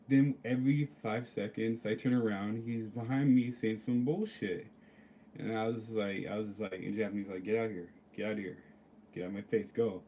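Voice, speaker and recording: A man tells a workplace story straight to the camera in a loose, profane ramble, full of "like" and "you know". His voice sits on the low side and has a dark, mellow tone. There is a faint hum of ambience behind him. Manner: rambling, profane, lots of "like" fillers. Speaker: vlogger. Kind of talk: casual storytelling rant.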